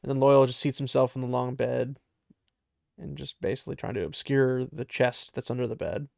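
Casual guy recapping a book, gravelly voice, dry close sound, laughs a lot. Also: medium pitch, fairly even intonation, moderate pace, a little mellow, dry recording. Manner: chatty, laughs often, many fillers.

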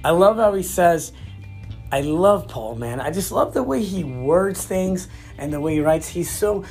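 Male vlogger, relaxed faith talk, emphatic and laughs easily, soft music bed. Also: high-pitched, normal speed, gravelly. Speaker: Christian vlogger. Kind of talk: casual devotional talk.

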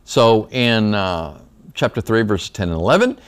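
A man's voice: on the low side, very animated, measured pace, clean tone. A man teaching a Bible study class in a small room, talking conversationally with a slight lisp from retainers and often checking in with the class.

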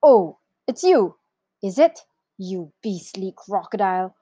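A woman voicing an indignant male elephant in a children's story, loud and scolding. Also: mid-range voice, lively intonation, takes it slowly, no room sound, studio quality.

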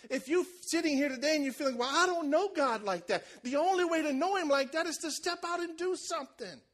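A man preaching a sermon, telling a lively story and acting out the voices of the people in it, with shouts at the high points. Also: a little fast. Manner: animated, acts out voices, shouts at peaks. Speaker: pastor.

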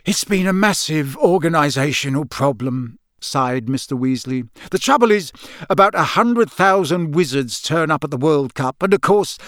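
A kindly middle-aged wizard father, patient and a little chatty as he explains, as a man reads him aloud. His voice sits a touch high and close, in a dry storybook reading. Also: a bit bright, no echo.

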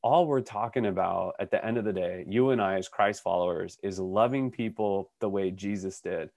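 A deep-voiced man with vocal fry speaks at a moderate pace, recorded at studio quality with no room sound. In his thirties or forties, he co-hosts a podcast and animatedly tells a casual story, acting out what people said and restarting often.

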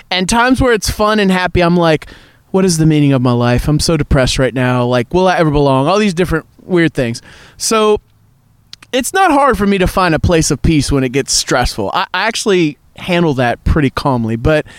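A man's voice: a little high, smooth, no room sound. A man hosting a casual chat by a cold outdoor campfire, jokey and laughing easily. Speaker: podcast host and pastor.

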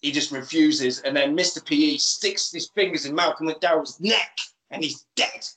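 A man co-hosting a casual podcast, retelling a film with quick put-on voices for its characters. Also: on the high side. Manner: animated, acts out lines in quick put-on voices. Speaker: podcast co-host. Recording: echoey room.

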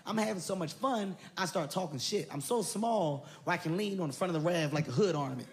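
A man doing stand-up storytelling, animated, with loud bursts and laughing at his own story. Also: high voice, fast. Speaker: stand-up comedian. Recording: live stage recording with audience noise.

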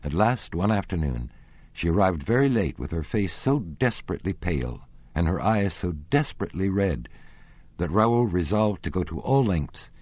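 A man with a very deep, husky voice narrates a classic novel. His storytelling is measured and expressive, and his pitch moves widely. The recording is dry and close to the mic. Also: no echo. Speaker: audiobook narrator.

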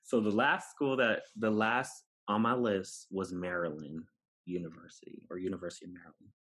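A man from New York City, a podcast guest, telling a personal story in an animated way and acting out the dialogue. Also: sits low, normal speed, slightly rough. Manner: animated, acts out dialogue, laughs while telling.

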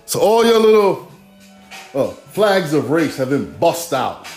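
A man's voice: fairly high pitch, sing-song, slow, darkish tone, echoey room, faint music behind. A man in his forties hosting a podcast, rambling through a profane, streetwise solo monologue. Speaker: podcast host.

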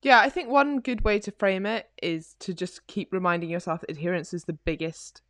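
A woman's voice: fairly low pitch, fairly even intonation, fairly quick, a bit bright, no room sound, studio quality. A woman co-hosting a podcast, chatting casually and rambling a little as she gives fitness advice, with plenty of "like". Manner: chatty, rambling, heavy use of "like". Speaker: podcast co-host and fitness coach.

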